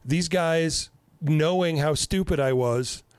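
Man, 50s, podcast host, swears a lot, animated storyteller, slightly high voice, dry close sound. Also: slow pace, smooth, no echo. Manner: profane, animated storytelling with self-mocking laughs. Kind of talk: casual podcast chat.

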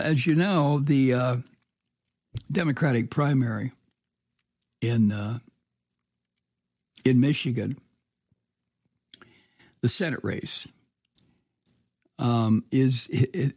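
A man's voice: medium pitch, darkish tone, slightly rough, no room sound, studio quality. A man giving solo political commentary, reading news aloud and breaking off into profane, sarcastic rants with many fillers and restarts. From from the US state of Georgia.

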